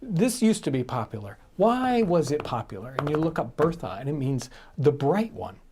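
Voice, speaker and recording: A man's voice: on the high side, big pitch swings, moderate pace, noisy background. A man hosting a casual live stream chat, rambling along with restarts, fillers and laughs.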